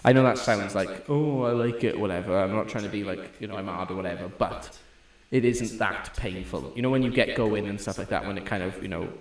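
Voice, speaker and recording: Young male podcast co-host, lowish voice, chatty storyteller who swears a lot, roomy echo on the mic. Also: brisk, few pauses. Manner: swearing, storytelling, animated retelling. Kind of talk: casual chat.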